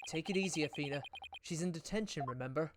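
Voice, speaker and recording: A woman voicing a wry adult male defense lawyer who reacts in a dry, deadpan way, in a fan voice-acted game. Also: low-pitched, quick pace, noisy background, close to an everyday voice.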